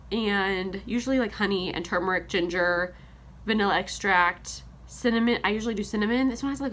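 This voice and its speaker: A woman's voice: medium pitch, fairly bright tone, a little hiss or hum. A young woman vlogger chatting casually while making breakfast in her kitchen, rambling with lots of "like" and small laughs, congested from a sinus infection and a little out of breath. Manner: chatty, rambling, heavy use of "like", frequent laughs. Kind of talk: casual chat while cooking. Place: home kitchen.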